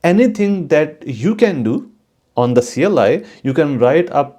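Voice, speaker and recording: A man hosting his own channel, giving a casual, unhurried tutorial on coding for network engineers, with frequent fillers and restarts. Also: fairly high pitch, lively intonation, dark tone. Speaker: channel host teaching network automation.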